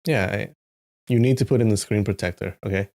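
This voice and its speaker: A man's voice: fairly low pitch, fairly quick. A man hosting a live stream, chatting casually with his viewers and greeting them by name. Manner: chatty, greets chat by name, animated asides. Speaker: live-stream host reading a novel.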